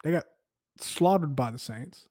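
A man hosting a casual football commentary show, giving opinionated, animated takes with lots of filler words. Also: on the high side, unhurried, dry recording, clean studio sound. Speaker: sports podcast host.

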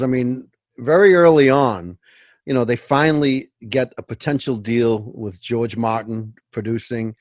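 A man who is a music historian and a radio guest, telling stories in an animated way and acting out the quotes. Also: medium pitch, no room sound. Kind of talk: casual radio chat.

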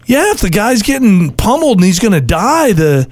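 A man's voice: high voice, big pitch swings, moderate pace, no echo. A man co-hosting a radio show, joking and playfully contrary. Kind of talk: morning radio banter. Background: music.

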